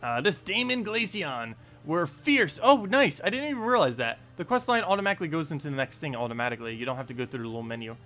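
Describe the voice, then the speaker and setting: Male streamer, lively bright voice, quick casual game chatter, faint music behind. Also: medium pitch. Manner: quick, chatty, self-mocking. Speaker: gaming streamer. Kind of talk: casual gameplay commentary.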